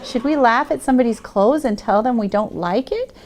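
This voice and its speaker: A woman's voice: on the high side, lively intonation, fairly quick, darkish tone. A woman hosting a children's TV show as a teacher, coaxing the kids with questions.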